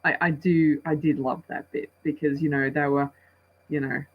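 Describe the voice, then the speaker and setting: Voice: mid-range voice, little pitch movement, normal speed, slightly rough, narrow, tinny audio. A movie reviewer giving a casual spoken review, rambling and chatty, with many restarts and acted-out asides.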